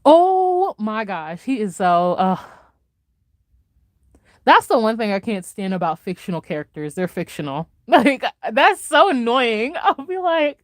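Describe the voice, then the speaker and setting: In a relaxed reaction chat, a female vlogger gushes with excitement, laughing a lot and veering from loud peaks to quiet mumbles. She talks a bit slowly, and the recording has studio quality with no echo.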